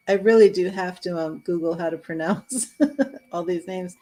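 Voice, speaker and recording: A woman's voice: on the low side, steady tone, moderate pace, dark tone, low-quality recording. A woman hosting a live-streamed tarot reading, chatting casually, laughing often and reading card messages aloud. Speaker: tarot reader.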